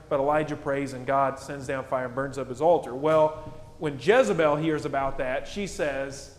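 A male pastor preaching a sermon in a plain-spoken, conversational way, with casual asides as he explains. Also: on the high side. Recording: echoey church hall with long reverb.

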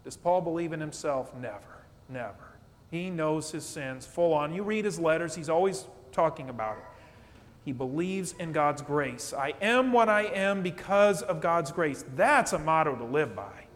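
A man preaching a sermon as pastor, animated and conversational, often checking in with "okay?". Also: fairly high pitch, normal speed. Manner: animated preaching, acts out quotes, asks "okay?". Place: church sanctuary. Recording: long church reverb.

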